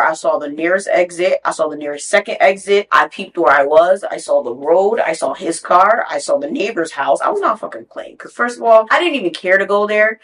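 A young woman in her twenties telling a storytime rant in a blunt, profane, animated way, acting out quoted voices. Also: mid-range voice. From Haitian. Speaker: vlogger.

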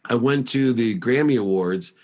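A middle-aged man telling his life story as an interview guest, emphatic and animated. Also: mid-range voice, moderate pace. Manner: emphatic, acts out past dialogue in a raised voice.

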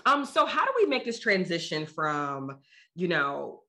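A woman's voice: lowish voice, big pitch swings, measured pace, sharp tone. A woman hosting a podcast interview, chatty and playful, openly fangirling over her guest. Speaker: podcast host. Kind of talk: casual interview chat.

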